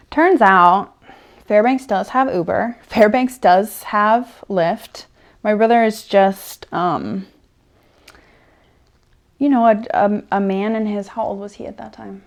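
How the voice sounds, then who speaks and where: Chatty young woman, ASMR storytelling. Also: medium pitch. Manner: rambling, chatty, filler-heavy, swinging between soft and animated. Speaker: ASMR creator. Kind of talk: ASMR storytelling with personal-attention role-play.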